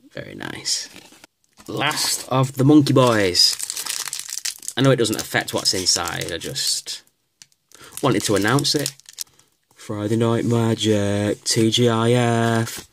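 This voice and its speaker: A man casually opening card packs on camera, reading out card names with excited exclamations. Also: on the low side, slight background noise. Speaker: card pack opener. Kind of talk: casual unboxing commentary.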